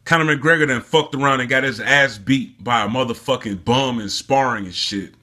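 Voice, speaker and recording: A man's voice: mid-range voice, moderate pace, sharp tone. A man delivering a heated, profane and mocking commentary rant in a casual vlog, recorded alone indoors. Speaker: sports commentary vlogger.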